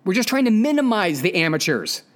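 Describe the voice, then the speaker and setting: A man's voice: high voice, big pitch swings, fairly quick. Blunt, profane man ranting on a podcast. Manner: emphatic, repeats key points. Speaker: podcast host. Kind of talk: opinionated podcast monologue.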